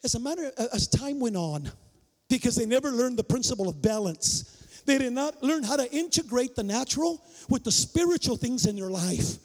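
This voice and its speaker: Male pastor, very high voice, lively storytelling sermon with shouted peaks, reverberant church hall. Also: normal speed. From Mexican-American migrant family. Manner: animated, acts out dialogue, shouts for emphasis. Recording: long reverb of a large hall.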